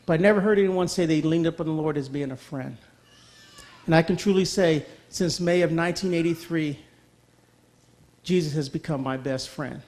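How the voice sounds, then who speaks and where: Guy sharing his faith story, earnest, keeps saying okay, voice a bit high. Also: normal speed, a little mellow. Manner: earnest, repeats phrases, asks okay. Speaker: guest speaker. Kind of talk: personal testimony talk.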